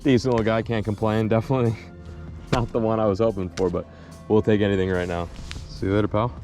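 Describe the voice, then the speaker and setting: A man vlogging while fishing from a boat on a lake, giving casual, excitable running commentary and chatting to the fish and trees he snags. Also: fairly low pitch, fast talker, over music.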